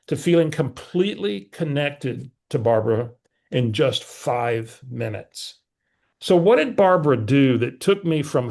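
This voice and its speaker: A middle-aged man, a real estate team leader telling an animated story to a team meeting and acting out both sides of a phone call. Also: fairly high pitch, unhurried. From San Antonio, Texas. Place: meeting room with remote attendees.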